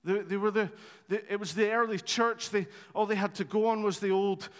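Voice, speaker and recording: Male preacher, bright high voice, chatty storytelling sermon, long reverb of a church hall. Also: fairly quick. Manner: animated, conversational storytelling with humour.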